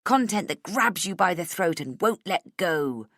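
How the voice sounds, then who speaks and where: A woman voicing a bubbly, pushy young female coworker who gushes with excitement. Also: on the low side, a little slow, no room sound, studio quality, pitched above the performer's own voice, heavily acted. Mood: excited. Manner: gushing, excitable.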